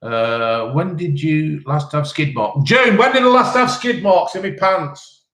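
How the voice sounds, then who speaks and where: A man in his fifties hosts a casual live stream, reading viewers' chat questions aloud and answering with blunt, sweary, cheeky banter. His voice is a little high, animated and a bit bright, at a measured pace, in an echoey room.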